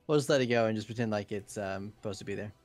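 A man playing a game with friends in casual chat, playful and quick to laugh. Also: on the low side, soft background music. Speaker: streamer.

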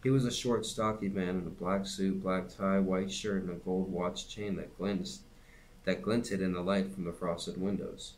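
Man reading a novel aloud, low voice. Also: a little slow, slight background noise. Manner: steady reading with occasional slips and restarts. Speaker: reader and teacher.

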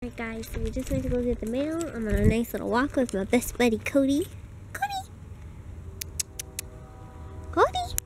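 A woman's voice: on the high side, fairly even intonation, fast talker, hardly any pauses, a little mellow. A woman vlogging casually at home and out on walks, chatting to the camera and breaking into squealy baby talk with her pets. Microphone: handheld compact camera. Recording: noisy handheld home recording.

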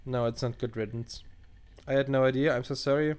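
At home at his computer, a man with a medium-pitched voice plays a chat-based game a little fast for a casual let's play. He reads the dialogue aloud and cuts in with sarcastic, crude asides.

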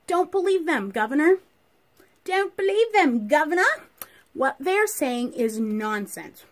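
Lady doing a sneaky bible sorcerer guy, keeps repeating himself, highish and pushy. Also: lively intonation, unhurried. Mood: insistent. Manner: pleading, insistent repetition. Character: deceitful male sorcerer, scheming and desperate.

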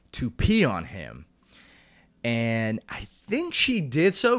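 An American man talks through a loose, deadpan comic monologue, recording by himself on camera. His pitch moves around a lot as he wanders off on asides and trails off mid-thought. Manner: rambling, with dry asides and self-interruptions. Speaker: podcast host and stand-up comedian. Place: room at home, recording alone on camera.

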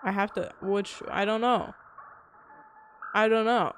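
A woman's voice: medium pitch, fairly even intonation, slow pace, fairly bright tone, soft background music. A woman streaming a game live, giving goofy, playful running commentary and reading the dialogue aloud.

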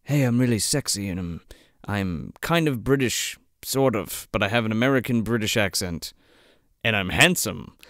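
A vain, self-admiring charmer murmurs in a low voice with a fake half-British lilt, as a man puts him on. He sounds pleased with himself. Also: lively intonation, moderate pace, fairly bright tone, dry recording, clean studio sound. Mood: smug.

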